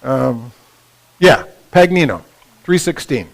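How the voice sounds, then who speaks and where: An older man teaching a Bible session at a couples retreat, lively and often checking in with the audience. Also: mid-range voice, takes it slowly, creaky, rough recording. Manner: lively, asks the audience for agreement. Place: conference room at a resort.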